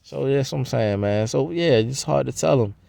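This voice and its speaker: A man's voice: mid-range voice, moderate pace, creaky, mellow, dry recording. A man rambling in a profane, slangy casual monologue. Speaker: vlogger.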